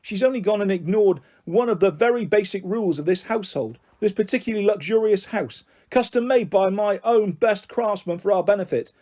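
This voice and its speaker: A man's voice: high-pitched, fairly quick, few pauses, mellow, voice pushed up. A man voicing a bullying middle-aged father who coaxes and sneers in a taunting, menacing way. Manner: taunting, mock-jovial then harsh.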